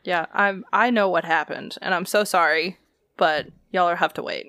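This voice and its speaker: A woman's voice: fairly low pitch, moderate pace, pushed and bright, no room sound, studio quality. A woman in casual chat, reacting with short, sympathetic, slangy remarks and giving advice.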